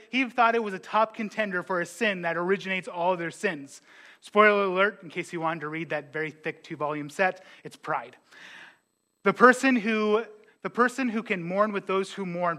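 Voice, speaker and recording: A man preaching as a pastor, animated, with joking asides and quick impressions of his congregants. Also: high-pitched. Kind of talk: sermon.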